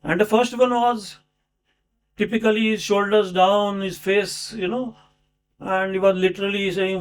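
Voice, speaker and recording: A man's voice: high voice, steady tone, a little slow, clean tone. A man giving a formal speech at a book launch, introducing an author with rhetorical questions and asides. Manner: rhetorical, with many fillers and asides.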